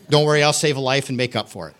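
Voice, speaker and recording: A middle-aged man from the United States shares his personal testimony at church. He talks in a candid, conversational way and pokes fun at himself with dry humor. His voice sits at an ordinary middle pitch. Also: fairly quick, a bit bright. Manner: candid, self-deprecating, wry humor. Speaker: church member giving testimony.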